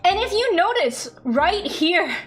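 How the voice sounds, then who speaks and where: A young woman streaming and chatting casually as a VTuber, excitable, laughing often and acting out quoted conversations. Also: very high-pitched, slow, soft background music.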